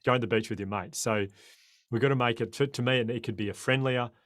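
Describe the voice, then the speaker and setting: An Australian man in his forties, a guest on a podcast interview, talking in an impassioned, animated way. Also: medium pitch, fast, no echo, clean studio sound. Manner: impassioned, animated storyteller who acts out quoted voices.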